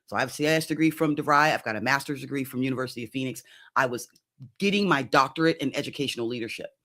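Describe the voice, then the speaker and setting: A woman in her fifties, a coach, telling her own story in an interview in a lively, conversational way and often checking in with "right?". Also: extremely low pitch, rapid-fire. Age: 50s. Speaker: executive coach guest.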